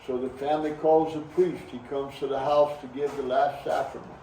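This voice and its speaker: A man's voice: medium pitch, fairly even intonation, fairly quick, mellow, slight background noise. A man with a Cajun accent telling folk stories to a live audience in an easygoing, drawling way. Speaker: storyteller and singer. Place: heritage village hall. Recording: roomy, from a distance, faint accordion.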